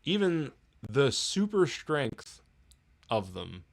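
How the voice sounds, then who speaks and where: A man's voice: medium pitch, big pitch swings, slow, gravelly. A man hosting a TV review podcast, giving a casual, sarcastic, exasperated solo rant with mocking asides.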